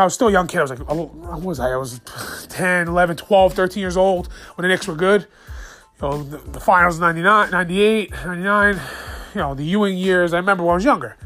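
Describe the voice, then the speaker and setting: A man's voice: high-pitched, a bit bright. A man in his thirties from the New York area ranting about his sports teams in a casual, profane, heated podcast monologue.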